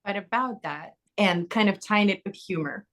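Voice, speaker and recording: A woman's voice: medium pitch, moderate pace. A woman interviewer with a mid-range voice draws her guest out with encouraging questions. She laughs easily and talks openly about herself. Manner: warm, encouraging, laughs often. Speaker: podcast host. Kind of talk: interview conversation.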